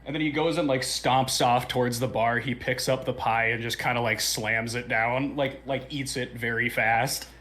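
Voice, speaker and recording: A man's voice: mid-range voice, steady tone, normal speed, few pauses, fairly bright tone. A man playing a tabletop game, talking in a hesitant, self-correcting way. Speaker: player.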